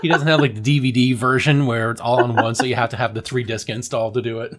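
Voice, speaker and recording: A man's voice: mid-range voice, fairly even intonation, fast talker, a bit bright. A man co-hosting a podcast, dropping dry, joking asides in a casual chat about a film. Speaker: podcast co-host.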